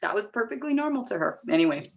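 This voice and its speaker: A Canadian woman speaking as a guest in a candid personal conversation, reflective and halting, with many restarts. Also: fairly high pitch, big pitch swings. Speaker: guest, recovery advocate.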